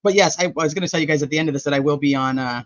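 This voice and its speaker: A man with a fairly high voice gives casual livestream commentary as a true crime host. He rambles and thinks aloud while he checks his notes. The sound is dry and a little dull. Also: very fast, no room sound.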